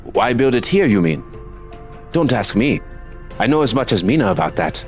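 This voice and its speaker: A man's voice: medium pitch, big pitch swings, moderate pace, soft background music, lightly acted. A man voicing a thin, ragged young father who is eager and hopeful, in a made-up accent while reading game dialogue aloud.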